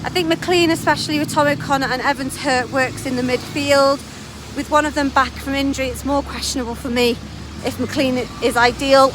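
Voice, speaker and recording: A high-voiced woman, a little out of breath as she walks, reads listener comments in an easygoing way and laughs easily. Faint outdoor traffic noise sits behind her. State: out of breath from walking. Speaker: podcast co-host reading chat messages. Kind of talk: casual chat, reading listener comments. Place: outdoors while walking.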